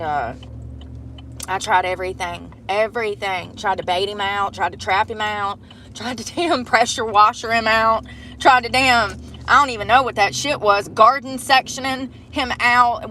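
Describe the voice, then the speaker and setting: A woman's voice: medium pitch, a little hiss or hum. Chatty woman streaming from truck. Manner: chatty, animated storytelling with swearing. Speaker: livestreamer. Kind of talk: casual livestream chat. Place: inside a parked truck.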